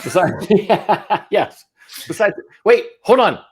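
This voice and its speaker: A man's voice: high-pitched, very animated, slow pace, breathy edge. A man who hosts a podcast interview, answering with brief, encouraging reactions and asking questions. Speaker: podcast host. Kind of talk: casual interview.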